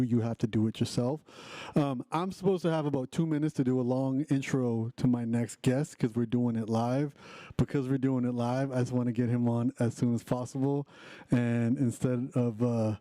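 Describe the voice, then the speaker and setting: A man's voice: medium pitch, warm tone, dry recording. A man hosting a live online event in a casual, upbeat, chatty way, often restarting his sentences.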